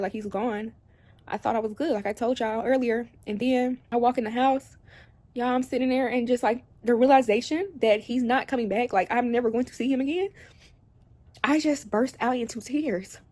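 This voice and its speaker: Indoors at home, a young adult vlogger addresses her viewers directly, rambling and confiding through intermittent tears. Her voice leans high and is steady and a little mellow, delivered fairly quickly with no echo.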